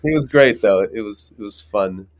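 A man being interviewed as an actor, telling rambling, animated anecdotes with many fillers. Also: lowish voice, moderate pace. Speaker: actor guest. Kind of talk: casual interview storytelling.

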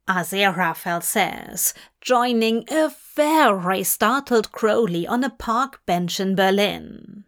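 A woman reading fanfiction aloud as an audiobook, in measured, gently expressive storytelling. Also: medium pitch. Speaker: fanfiction reader.

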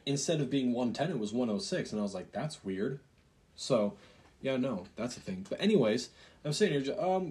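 A man's voice: medium pitch, lively intonation, brisk, a little mellow. A young man co-hosting a podcast, telling work stories in casual chat and swearing freely. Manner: swears a lot, acts out customers in retold scenes. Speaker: podcast co-host.

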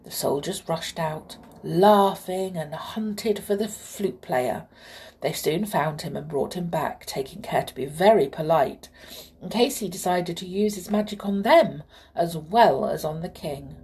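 A woman reading a children's story aloud, expressive and hushed in places. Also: lowish voice, unhurried, slight background noise. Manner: expressive, hushed and breathy at times.

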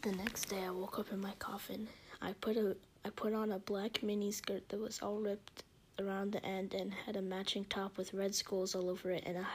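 A woman's voice: medium pitch, slight background noise. A woman reading a story aloud in a mocking, whispery, giggly way.

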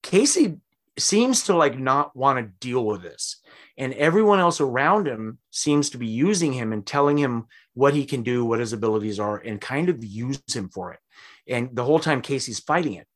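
A man telling a story on a casual podcast, mid-pitched and conversational. He gets animated and throws in exaggerated voices when he quotes people. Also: moderate pace. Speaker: podcast host.

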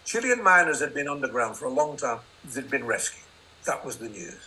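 A man's voice: mid-range voice, very animated, fairly quick, bright, forceful tone, slight background noise, low-quality recording. An older man, a novelist, telling wry, self-deprecating anecdotes in an interview. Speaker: novelist guest. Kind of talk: interview storytelling.

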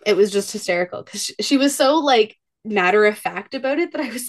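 A woman's voice: medium pitch, fairly quick. Thirties woman co-hosting a podcast, chatty, does little kid voices in her stories. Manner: animated storyteller, acts out her kids' voices. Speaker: podcast co-host. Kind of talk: casual chat.

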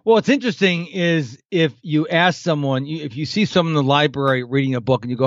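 A man's voice: a little high, quick pace, few pauses, no echo, dull audio. A man in his fifties, a podcast guest, talking animatedly in a casual interview and acting out the people he quotes. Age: 50s.

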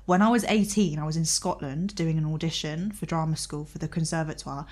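Twenties woman, podcast co-host, slightly low voice, animated anecdotes with acted-out dialogue. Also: brisk. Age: 20s. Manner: animated storyteller, acts out quoted dialogue. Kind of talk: casual chat.

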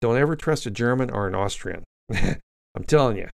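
A man's voice: medium pitch, animated, normal speed, creaky, no room sound, studio quality. A man hosting an opinionated news commentary monologue, blunt and indignant, rambling with frequent restarts. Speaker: host.

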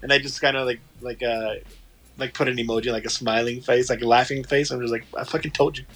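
A man's voice: mid-range voice, little pitch movement, quick pace, fairly bright tone. A man in casual chat, telling a rambling, profane story and quoting what others said.

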